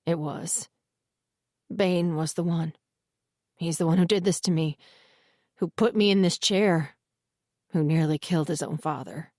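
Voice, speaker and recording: A woman voicing a rough, hushed old wolf alpha. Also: on the high side, measured pace, pauses often, dry recording, clean studio sound, natural voice. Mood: hushed sorrow. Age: older. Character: grieving older male werewolf, former alpha.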